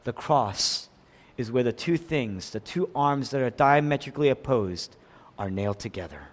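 A man preaching a sermon, swinging from loud cries down to hushed, near-whispered lines. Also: medium pitch, lively intonation, moderate pace. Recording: long hall reverb.

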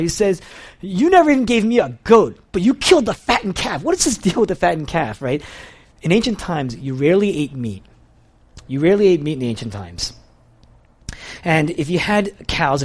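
A man preaching a sermon, telling a story with animation and repeating phrases for emphasis. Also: fairly high pitch.

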